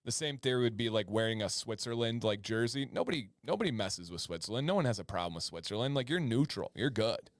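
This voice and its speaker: A man's voice: medium pitch, expressive, quick pace, hardly any pauses, no echo, clean studio sound. A man co-hosting a livestream, chatting casually and reading out viewer comments. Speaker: livestream co-host. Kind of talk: casual chat.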